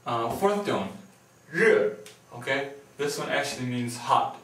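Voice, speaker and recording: A man teaching a pronunciation lesson, drilling each syllable deliberately. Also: mid-range voice, expressive, fairly bright tone. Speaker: language teacher. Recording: echoey room, distant from the mic.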